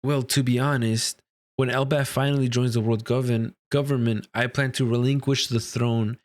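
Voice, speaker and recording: A guy reading the part of an old giant king, hopeful but grieving, said pretty plainly like he's reading off a comic page, normal-pitched voice. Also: little pitch movement, moderate pace, no room sound, clean studio sound, natural voice. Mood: earnest.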